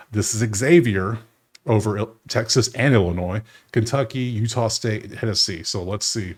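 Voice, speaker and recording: A man hosting his sports betting channel, casually thinking aloud through his bracket picks and talking straight to the teams. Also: on the low side. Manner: animated, thinks aloud, talks to teams directly. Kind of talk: casual bracket breakdown monologue.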